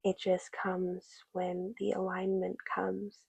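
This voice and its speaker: A woman giving a soft, meandering tarot reading, full of fillers and a little teary. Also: medium pitch, monotone, slow, creaky, slightly rough, no room sound, low-quality recording. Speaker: tarot reader.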